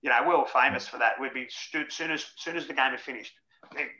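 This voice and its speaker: A man's voice: medium pitch, quick pace, pushed and bright, slight background noise. A man in his forties, a former rugby league player, telling frank, jokey stories in a casual interview. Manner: blokey, frank and jokey, laughs through anecdotes. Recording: roomy, slightly dull audio.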